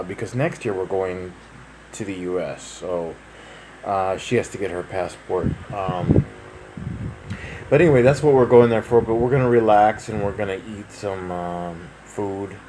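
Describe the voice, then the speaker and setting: A man's voice: deep voice, darkish tone. A man in his thirties, rambling through a casual personal update to his viewers, full of fillers and restarts. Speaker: vlogger. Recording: noisy home recording.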